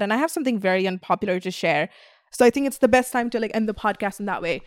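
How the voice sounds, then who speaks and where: A young woman talks on her podcast in a blunt, loose rant, swearing freely as she goes. Her voice sits at a middle pitch and sounds dry and close, with little room around it. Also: fast talker, dry recording. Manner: blunt, swears a lot, animated. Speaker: podcast host.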